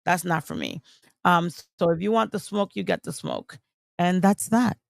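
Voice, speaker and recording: A woman livestreamer talks bluntly and dismissively, full of fillers and restarts. Her voice is gravelly and creaky. The sound is dry and close, with no room echo. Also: lowish voice, moderate pace. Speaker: streamer. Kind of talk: casual livestream commentary. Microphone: streaming mic on camera.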